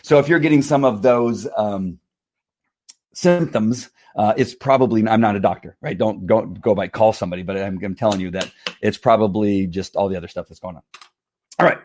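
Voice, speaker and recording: A middle-aged man hosting a casual livestream, slightly hoarse from a strained voice, rambling with repeated words and frequent laughs. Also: lowish voice, normal speed, darkish tone. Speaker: livestream host.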